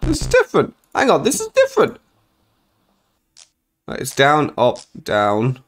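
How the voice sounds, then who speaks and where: A young man giving jokey, excitable commentary while playing a horror game, swearing when startled. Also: on the high side, measured pace, a little hiss or hum. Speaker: gaming video creator.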